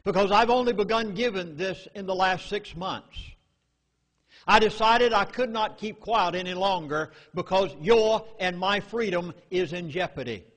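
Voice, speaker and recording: A man's voice: high voice, moderate pace, a bit bright. A man with a Southern US accent giving an urgent, emphatic public lecture to a live audience. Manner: emphatic, urgent, dramatic warnings. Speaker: public speaker. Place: meeting hall. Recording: echoey hall reverb.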